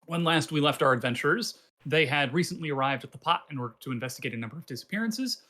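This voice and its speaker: A playful, excitable dungeon master chatting casually with players before a tabletop game. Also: medium pitch, fast. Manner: playful, excitable, talks over others.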